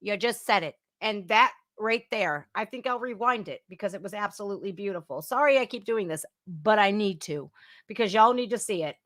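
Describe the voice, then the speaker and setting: A woman's voice: mid-range voice, lively intonation, a little fast, no echo, clean studio sound. A woman hosting a reaction podcast, talking bluntly and scolding what she watches. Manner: blunt, scolding, laughs loudly. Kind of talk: casual commentary reacting to a video clip.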